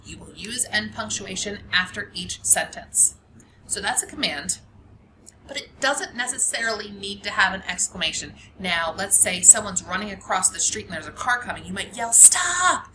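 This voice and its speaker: A woman's voice: medium pitch, moderate pace, noisy background. A woman teacher giving a grammar lesson, explaining patiently step by step and repeating the key points.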